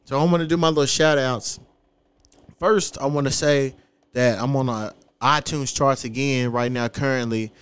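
Profane, animated man hosting. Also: mid-range voice, normal speed, clean tone, no echo. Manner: profane, animated, laughing often. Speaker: podcast host. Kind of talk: casual podcast chat.

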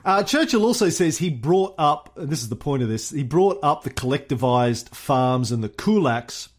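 Brief: lively male podcast host, swooping pitch, slightly high voice, joking. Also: moderate pace. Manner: joking, animated, reads excerpts aloud. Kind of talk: casual history podcast chat.

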